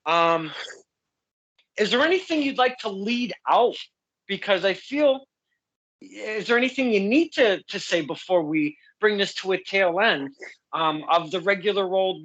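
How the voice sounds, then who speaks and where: A man's voice: sits high, fairly bright tone, muffled recording. A man hosting a casual interview, effusive and heartfelt, rambling with many restarts. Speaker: podcast host.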